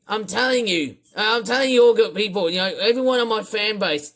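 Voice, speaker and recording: A YouTuber ranting and complaining in a vlog, throwing out insults, with a voice strained from yelling. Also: medium pitch, fairly quick, hardly any pauses.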